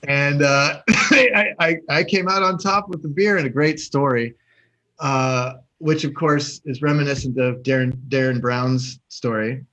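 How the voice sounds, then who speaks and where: A man co-hosting a podcast, telling a story casually, animated and swearing, acting out the voices of people in it. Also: mid-range voice, measured pace, poor audio. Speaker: podcast co-host.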